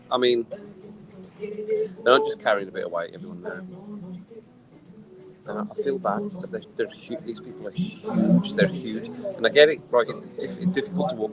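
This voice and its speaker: A man's voice: mid-range voice, poor audio. A tipsy man ranting in a casual live stream from an outdoor poolside bar. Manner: animated, exasperated ranting. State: tipsy from drinking. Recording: music playing clearly behind.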